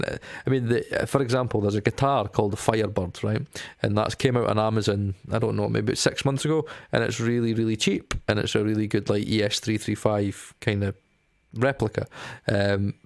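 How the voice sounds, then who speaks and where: A young man talks casually to camera, rambling and stopping to say um between thoughts. His voice sits a little low and barely rises or falls. The sound is close and dry. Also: gravelly, no room sound. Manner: rambling, lots of ums and restarts. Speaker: music vlogger.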